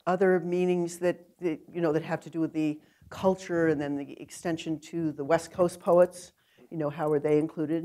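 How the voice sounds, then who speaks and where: An older woman from New York City, a poet being interviewed onstage, rambles and digresses freely, drifting between thoughts and laughing often. Her voice is low and warm.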